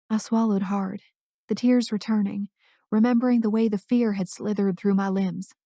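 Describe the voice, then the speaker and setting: A woman's voice: medium pitch, little pitch movement, moderate pace, gravelly, mellow, dry recording, studio quality. A woman narrating a first-person romance audiobook in an intimate, emotional reading.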